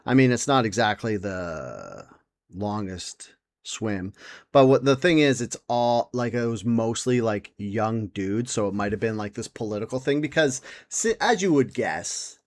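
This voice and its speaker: A man's voice: on the low side, big pitch swings, unhurried. A young man hosting a podcast in casual chat, rambling and sarcastic, swearing and mimicking people in silly voices. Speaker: podcast host.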